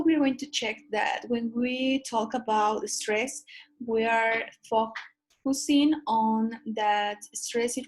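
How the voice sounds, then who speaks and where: A woman's voice: a little high, low-quality recording. Hesitant woman. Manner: hesitant, many fillers and restarts. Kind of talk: explaining linguistics lesson.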